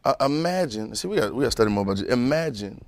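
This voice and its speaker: A man preaching a sermon, moving from low musing to loud fervent preaching and calling out to the congregation. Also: lively intonation, very fast. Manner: calls out to the congregation.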